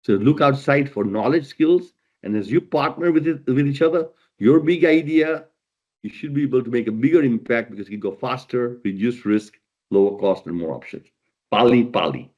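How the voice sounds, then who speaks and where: A middle-aged man delivers a motivational keynote. He drives home each point by repeating the key words, in a voice of ordinary pitch for a man. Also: normal speed, a little mellow. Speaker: keynote speaker.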